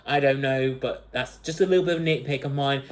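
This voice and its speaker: A man's voice: medium pitch, fast. A man giving a casual spoken movie review, rambling with lots of fillers and breaking into frequent giggles.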